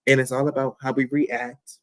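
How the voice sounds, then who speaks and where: A man's voice: mid-range voice, level tone, normal speed, dry recording. A young man hosting his own podcast, talking candidly and playfully in a reflective, affirming solo talk. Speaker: podcast host.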